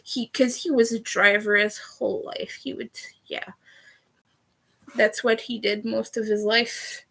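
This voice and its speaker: A young woman chatting casually on a livestream, giggly, with occasional vocal fry. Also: on the high side, level tone, measured pace, fairly bright tone. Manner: chatty and giggly, laughs often. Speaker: streamer.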